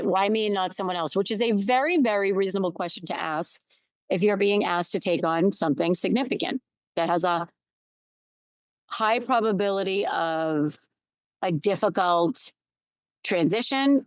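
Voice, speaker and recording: A woman's voice: medium pitch, no room sound. A middle-aged woman hosting a solo podcast, telling a personal story candidly, with restarts and emphatic repetition. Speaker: podcast host. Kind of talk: reflective solo podcast talk.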